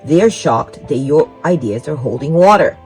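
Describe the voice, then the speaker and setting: A woman with a low, animated, slightly slow and mellow voice gives the viewer a psychic tarot reading on a rough recording with faint music behind her. She talks straight to the viewer, rambling, repeating herself, and continually encouraging them.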